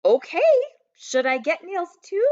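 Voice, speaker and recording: A giddy little storybook girl chirps eager, bouncy replies, as a woman puts her on. Her pitch leaps around with lively swings, and the sound is dull and lo-fi. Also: measured pace. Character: cheerful, giddy little girl who mishears everything. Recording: dull lo-fi recording.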